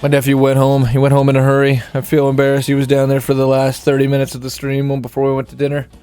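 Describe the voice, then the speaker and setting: A man's voice: medium pitch, monotone, fast, mellow, smooth, faint music behind. A man casually commenting while streaming a video game, rambling and joking. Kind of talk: casual let's-play commentary.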